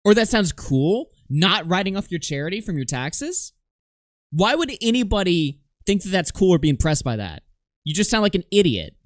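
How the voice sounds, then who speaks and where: A man's voice: high voice, sing-song, normal speed, no room sound, clean studio sound. A man streaming live, reacting to clips with sarcastic, laughing commentary. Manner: mocking, sarcastic, laughs a lot.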